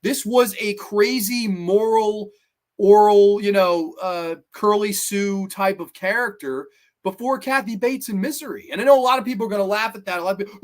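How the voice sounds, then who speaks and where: A man giving casual, animated commentary as a horror movie reviewer, swearing freely and acting out scenes in funny voices. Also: high voice, moderate pace. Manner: animated, profane, acts out quotes in funny voices.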